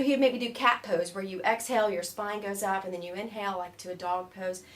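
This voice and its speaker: An American woman telling stories in a casual interview, animated and laughing often as she mimics the people she met. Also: mid-range voice, fast, few pauses, distant mic. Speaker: interview guest.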